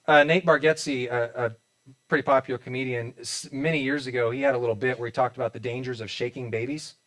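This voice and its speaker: A man's voice: mid-range voice, fairly even intonation, fast, a bit bright. A man in his forties with a Midwestern American accent, preaching a sermon in a church in a conversational, joking way, with many restarts and acted-out quotes. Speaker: pastor. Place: church auditorium.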